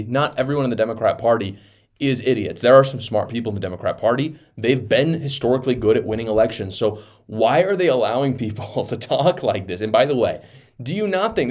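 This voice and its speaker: A man giving reaction commentary on politics, animated and incredulous, laughing mid-sentence. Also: mid-range voice.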